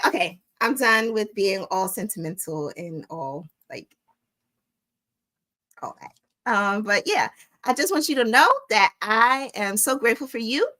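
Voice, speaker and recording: Animated woman hosting a live chat. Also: mid-range voice. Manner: animated storytelling, warm address to viewers ("y'all"). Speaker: host of a weekly crochet livestream.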